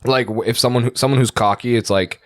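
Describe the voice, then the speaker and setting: A young man with a deep voice co-hosting a podcast, talking bluntly and swearing freely in casual chat. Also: steady tone, fast talker, dry recording, studio quality. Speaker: podcast co-host. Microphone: studio podcast mic.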